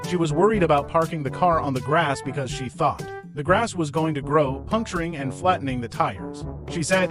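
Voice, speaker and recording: A man's voice: on the high side, normal speed. A man reading forum posts aloud in a wry, questioning way. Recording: clear music behind the voice.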